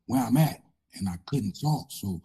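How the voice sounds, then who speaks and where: A man with a raspy, changed voice, speaking haltingly as an interview guest telling a personal story, with many pauses and fillers. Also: mid-range voice, expressive, dark tone.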